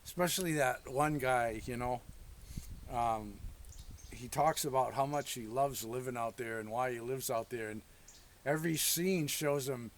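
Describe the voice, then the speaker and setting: A man's voice: mid-range voice, a little slow, slight background noise. A man hosting an off-grid homesteading vlog, chatting in a folksy way outdoors and full of country sayings. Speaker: homesteader, channel host. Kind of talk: casual outdoor vlog talk. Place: outdoors in the woods.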